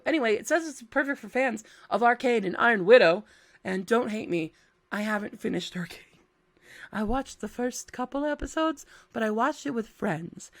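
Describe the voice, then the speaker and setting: A woman's voice: on the low side, vocal fry, fairly bright tone. Chatty woman with a scratchy voice. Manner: chatty and playful, thinking aloud. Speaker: book content creator. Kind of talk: casual book release roundup.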